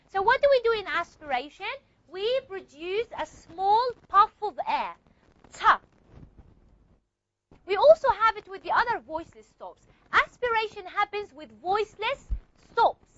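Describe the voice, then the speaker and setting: A woman's voice: very high voice, pushed and bright, muffled recording, slight background noise. A woman teaching a classroom lecture, repeating and modeling sounds and checking often that students follow.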